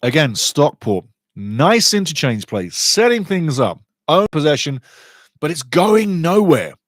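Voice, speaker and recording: A man's voice: fairly high pitch, sing-song, a little slow, no echo. A man hosting a live football watch-along, giving chatty fan commentary and reading out viewer comments.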